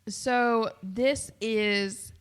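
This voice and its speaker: A woman in her late twenties co-hosting a casual podcast, excitable, giggly and slangy. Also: on the high side, very slow, smooth. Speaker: podcast co-host. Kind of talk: casual chat.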